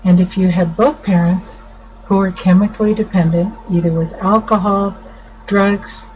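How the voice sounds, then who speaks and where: A middle-aged woman counselor explaining to viewers in an informal talk, unhurried, restarting her sentences often. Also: on the low side, dark tone, poor audio. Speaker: family counselor. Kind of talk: informal teaching talk to camera. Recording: faint background noise.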